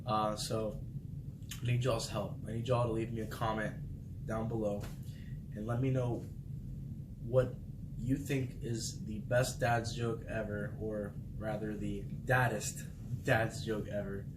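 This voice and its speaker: A man's voice: fairly low pitch, a little slow. Young man vlogging from an echoey barracks. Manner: relaxed at first, then upbeat and animated. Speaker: vlog host, Navy sailor. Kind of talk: casual vlog talk. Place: military barracks room. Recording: echoey room with background noise.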